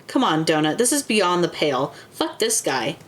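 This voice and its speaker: A woman's voice: on the low side, very animated, normal speed, fairly bright tone. A woman voicing a stubborn, defiant man who swears bluntly.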